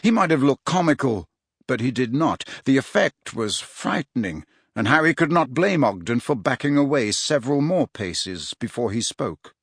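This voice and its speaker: A man's voice: mid-range voice, very animated, normal speed, slightly rough, no echo, clean studio sound. Man narrating an audiobook. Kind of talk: scripted narration.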